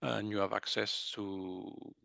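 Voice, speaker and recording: A man with a French accent, a guest in an interview, talking in an animated, casual way and often laughing. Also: lowish voice, slow, creaky, no room sound. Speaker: guest, medical intuitive.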